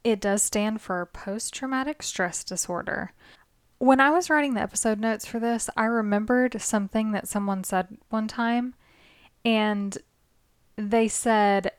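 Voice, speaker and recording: A woman's voice: mid-range voice, measured pace. A young woman co-hosting a podcast in casual chat, laughing and teasing. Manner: giggly, teasing. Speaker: podcast co-host.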